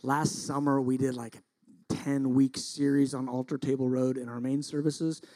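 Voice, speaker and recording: A middle-aged male pastor preaching, telling a story with lively acted-out quotes. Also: mid-range voice, moderate pace. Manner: animated storytelling, acts out quotes loudly. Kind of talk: sermon.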